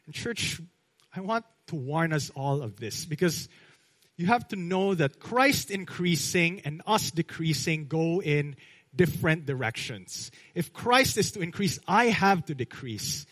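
A Filipino-accented male pastor preaching a sermon in a somewhat high voice. He leans hard on his key words and then lets his phrases sink to a quiet close. He keeps asking the church "right?". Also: expressive, unhurried, low-quality recording.

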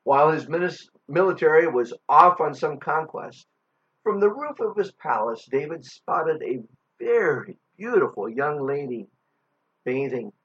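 A man preaching a sermon, telling a Bible story with dramatic pauses and strong emphasis. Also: a little high, expressive, fairly bright tone. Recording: dull lo-fi recording.

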